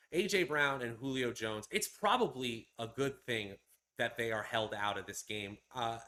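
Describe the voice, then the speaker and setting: A male fantasy football analyst who talks through matchups in a measured, chatty way. His voice has a bright, forward edge at an ordinary male pitch. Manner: analytical, measured, with fillers like "uh" and "you know". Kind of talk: casual sports analysis chat.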